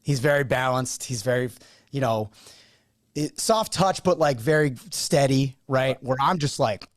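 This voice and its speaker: A man's voice: fairly high pitch, moderate pace, no echo, studio quality. A man hosting a podcast who chats casually, acting out the people he quotes as he tells stories. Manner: animated storyteller acting out quoted dialogue.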